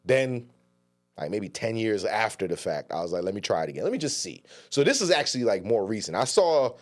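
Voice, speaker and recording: A man's voice: lowish voice, big pitch swings, a little fast. A man co-hosting a podcast in casual chat, talking in a laid-back, slangy way. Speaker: podcast co-host.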